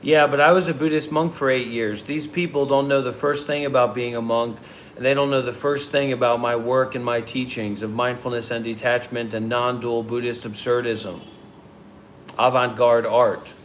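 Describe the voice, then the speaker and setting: A man's voice: mid-range voice, fairly even intonation, normal speed, slight background noise. A man who hosts a meditation channel, asking questions in a casual, rambling, repetitive way with frequent restarts. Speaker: meditation teacher, channel host.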